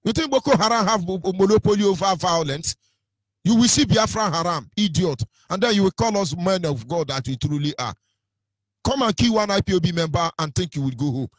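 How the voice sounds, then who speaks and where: A man's voice: sits high, lively intonation, a little fast, no room sound. A Nigerian-accented man presenting on radio in a combative, taunting rant, hurling insults with sing-song lilts.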